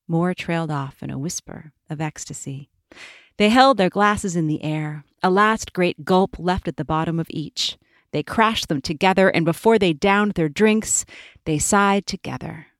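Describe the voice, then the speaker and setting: A woman author reading her own story aloud in a measured, expressive way. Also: lowish voice, dry recording, studio quality.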